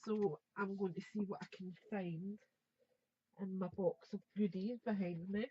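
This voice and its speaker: A woman's voice: mid-range voice, steady tone, a little slow, dark tone, muffled recording, slight background noise. A woman, chatting and thinking aloud as she demonstrates a craft project live. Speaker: craft tutor.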